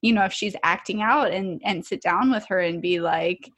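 Breathy woman affirming with laughs. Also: medium pitch, moderate pace. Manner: warm listener, laughs and affirms often. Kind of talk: casual chat.

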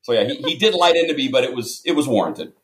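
A man rattles off self-deprecating stories at a brisk clip, loose and conversational. His voice sits at an everyday middle pitch. The recording has a noticeable roomy echo. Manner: lively storyteller, self-deprecating. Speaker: guest storyteller. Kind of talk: casual anecdote telling.

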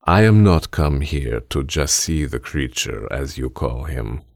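A man's voice: a bass voice, lively intonation, measured pace, vocal fry, darkish tone, no room sound, clean studio sound, heavily acted. A man voicing a formal, stilted Romanian man with a Romanian accent. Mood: stiff. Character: stiff, formal Romanian man, mysterious buyer.

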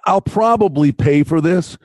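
A man co-hosting a casual sports betting podcast, talking in animated, quick bursts and cutting in on his partner. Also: a little high, no room sound, studio quality. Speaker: podcast co-host.

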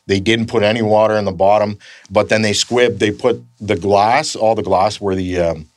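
A Canadian man with a fairly low voice spins loose, rambling stories and swears often. His voice is recorded dry and close, with no room around it. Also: steady tone, moderate pace, no room sound. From northern Canada. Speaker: guest, stuntman. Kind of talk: casual anecdote telling.

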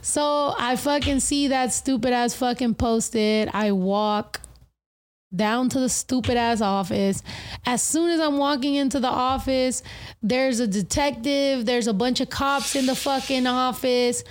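A woman's voice: high-pitched, a little slow. A young woman co-hosting a podcast, telling a story in casual chat. She swears often and acts out the lines of the people in it. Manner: profane, animated, acts out quotes. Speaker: podcast co-host.

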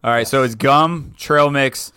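A man's voice: mid-range voice, measured pace, sharp tone, clear, resonant tone, no echo, studio quality. A man co-hosting a casual podcast, opinionated and swearing casually. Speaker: podcast co-host. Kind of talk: casual banter.

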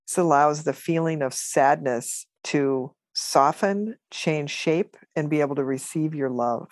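Lively storytelling woman, dry sound. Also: sits low, a little slow, hardly any pauses, no room sound. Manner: animated, laughs often, acts out quotes. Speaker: guest. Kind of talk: casual storytelling interview.

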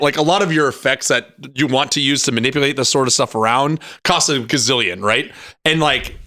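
A man with a somewhat high voice co-hosts a relaxed chat about cards. He talks with eager enthusiasm and laughs easily. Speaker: podcast co-host. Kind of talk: casual chat.

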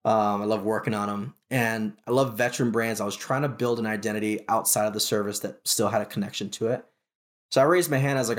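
A man, a military veteran, telling his story in a casual interview with lively retellings, many restarts and fillers. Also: lowish voice, quick pace.

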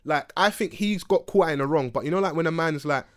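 A man's voice: on the high side, fast talker, no room sound, studio quality. A young man telling stories and trading banter on a podcast. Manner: animated storytelling with slang. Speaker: podcast host.

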